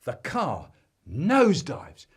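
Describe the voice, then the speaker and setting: Animated husky male storyteller. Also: fairly high pitch, slow. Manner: animated, acting out children's shouts. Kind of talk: comic storytelling, remixed.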